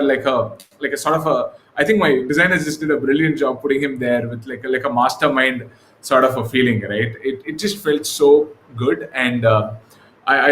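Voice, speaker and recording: A man as an interview guest, telling stories in a relaxed, casual way with lots of fillers and restarts. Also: medium pitch. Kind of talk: casual conversational storytelling. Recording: echoey room with faint noise.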